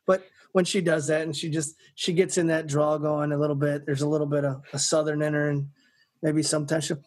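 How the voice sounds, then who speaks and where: A podcast co-host with a slightly high voice chats casually, speaking fairly quickly with a flat delivery. He tells rambling stories and often restarts his sentences.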